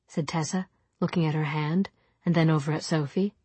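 A woman reading a novel aloud in calm, even narration. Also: low voice, normal speed, slightly rough, dry recording. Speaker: audiobook narrator. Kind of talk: scripted narration.

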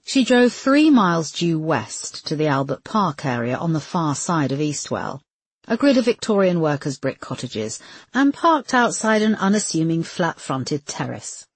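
A woman reading an audiobook narration in a measured, expressive way with a husky voice. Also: low voice, no room sound. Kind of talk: scripted narration.

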